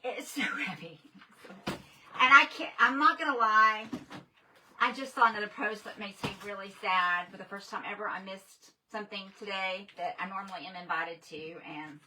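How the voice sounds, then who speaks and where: A woman's voice: medium pitch, normal speed. A woman chatting casually on a livestream, greeting viewers by name. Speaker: livestream host. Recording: distant from the mic, faint noise.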